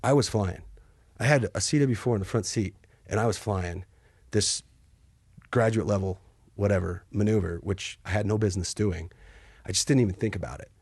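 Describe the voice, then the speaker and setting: A man telling war stories as a podcast guest, acting out quotes with sudden yelps and hushed asides. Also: on the low side, normal speed, slightly rough, no echo, clean studio sound. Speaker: podcast guest, Army helicopter pilot. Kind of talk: casual storytelling.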